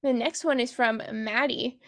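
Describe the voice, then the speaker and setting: A woman's voice: fairly high pitch, fairly even intonation, unhurried, a bit bright. A woman hosting a book podcast, recapping a novel in casual chat. She is sarcastic, swears freely and giggles at her own jokes.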